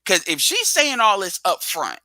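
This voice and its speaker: A man's voice: high voice, wildly swooping pitch, normal speed, background noise. A man giving blunt, slangy opinions in a casual reaction chat.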